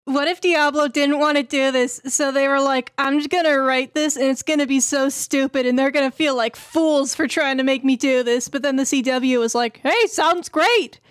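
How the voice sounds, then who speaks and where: High-pitched woman running a goofy table read, jokey, swears a lot, dry close mic. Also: little pitch movement, normal speed, few pauses, no echo. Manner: joking, swears casually. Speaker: organizer and caster of a script reading. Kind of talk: casual chat on a video call.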